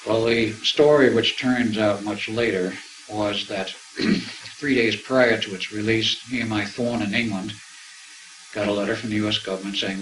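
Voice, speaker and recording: Older guy telling his story to a crowd, lowish voice, acts out the dialogue, faint hiss. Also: fairly even intonation, normal speed, a bit bright, low-quality recording. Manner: anecdotal, acts out remembered dialogue. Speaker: speaker recounting his experiences. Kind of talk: storytelling to an audience.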